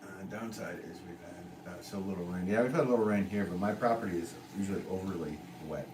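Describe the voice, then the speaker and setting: Low-voiced man chatting at the wheel. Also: quick pace. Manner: relaxed, chatty, self-deprecating. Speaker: potter. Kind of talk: casual live-stream chat while working at the wheel. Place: pottery studio. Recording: echoey room, mic at a distance, background noise.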